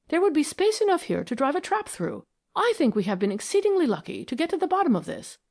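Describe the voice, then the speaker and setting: A woman voicing an excitable gentleman investigator who speaks with raised, emphatic energy in an audiobook. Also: very high-pitched, gravelly, pitched above the performer's own voice, full character voice. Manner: excited, rising, emphatic; whispers when wary. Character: eager young gentleman sleuth, excitable.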